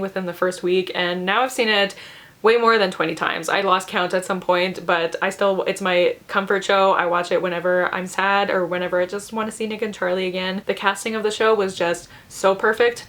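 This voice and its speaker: A woman's voice: medium pitch, a bit bright. Young adult woman, casual book vlogger, effusive, giggly, filler-heavy delivery. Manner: gushing, chatty, laughs often, lots of fillers. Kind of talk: casual chat to camera.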